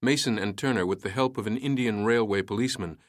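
A man reading a story aloud in a measured, steady way. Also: on the low side, no room sound, studio quality. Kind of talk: storytelling narration.

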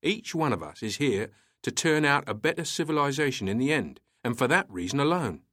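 A man's voice: medium pitch, lively intonation, fairly quick, fairly bright tone, no echo, clean studio sound, pitched above the performer's own voice. A man voicing a stern, clipped English police officer in a read-aloud story. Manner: clipped, commanding, irritable.

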